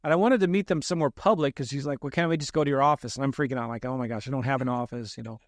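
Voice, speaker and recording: A man's voice: mid-range voice, very fast, no room sound, studio quality. A man, a real estate investor, telling a story in a podcast interview, self-deprecating and acting out the lines he quotes.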